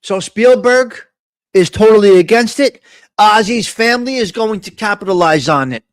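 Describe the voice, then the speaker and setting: Blunt, high-voiced rambling man. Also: normal speed, no room sound, clean studio sound. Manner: rambling, blunt, mocking asides. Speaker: host of a live talk stream. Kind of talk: casual live-stream chat.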